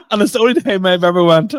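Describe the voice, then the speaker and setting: A man's voice: high voice, dry recording. A man co-hosting a comedy podcast, telling self-deprecating stories with frequent laughter. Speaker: podcast co-host and stand-up comedian. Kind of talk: casual chat.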